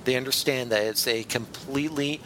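A man's voice: normal speed, bright, forceful tone. A man hosting a casual group chat, rambling and laughing easily. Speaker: podcast host. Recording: noisy call audio with rumble.

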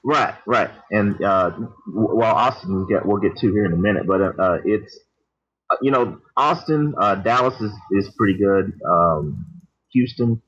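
A man from Texas, reading news stories on a podcast in a hesitant way, with frequent pauses. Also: fairly low pitch, expressive, a bit bright, husky. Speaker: news segment reader. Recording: dull, lo-fi sound.

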